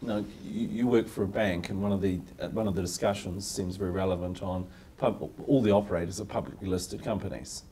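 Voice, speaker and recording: A man's voice: low-pitched, fairly even intonation, fairly quick, few pauses, warm tone, a little hiss or hum. A man interviewing an analyst, asking probing questions in a conversational way.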